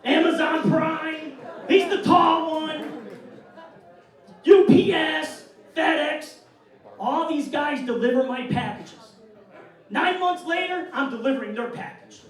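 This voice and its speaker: A man's voice: very high voice, slow, distant mic. A man from upstate New York doing a brash, bawdy stand-up set on a club stage. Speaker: stand-up comedian. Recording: echoey club mic'd from afar.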